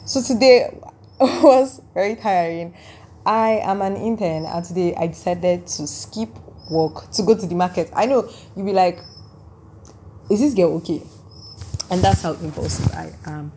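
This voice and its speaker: A young woman of nineteen hosts her own podcast, talking in a loose, rambling way full of "like." Her voice is tired and sits a little low for a woman. A faint hiss hangs under her voice. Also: normal speed, mellow. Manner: rambling and chatty, heavy use of "like". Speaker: podcast host. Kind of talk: casual solo podcast chat.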